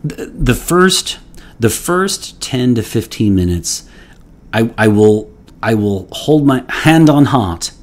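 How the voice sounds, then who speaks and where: With a medium pitch and lively intonation, a man takes his time reviewing fragrances on his own channel. He chats loosely, rambles, stages mock outrage playfully, and frequently starts over.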